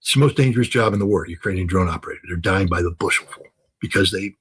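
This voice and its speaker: A man's voice: low-pitched, fast, fairly bright tone, slightly rough, poor audio. An older man giving impassioned commentary, talking emphatically with many fillers, restarts and repetitions.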